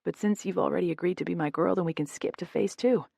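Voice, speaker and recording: A woman voicing an earnest young man in love, speaking softly in an audiobook. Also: fairly low pitch, fast talker, creaky, dry recording, studio quality. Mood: tender. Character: adoring young man, tender and frank.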